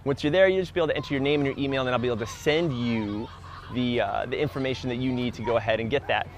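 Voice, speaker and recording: A man's voice: mid-range voice, rapid-fire, noisy background. A man coaching runners outdoors, upbeat and instructive as he demonstrates push-ups while talking. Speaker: running coach. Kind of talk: fitness demonstration. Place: outdoors near a park.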